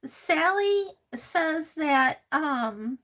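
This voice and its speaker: On her crafting live stream, a woman reads viewer comments in a high-pitched, slightly bright voice, drawing out words with lively intonation. The chat is casual, full of laughter and fond calls of honey and sweetheart.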